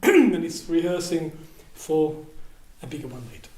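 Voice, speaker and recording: A man leading a seminar workshop, telling personal stories in an animated way and acting out the dialogue, with big swings between soft and loud. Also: fairly high pitch, unhurried, reverberant. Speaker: workshop leader. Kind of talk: storytelling seminar talk. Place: seminar room at a retreat house.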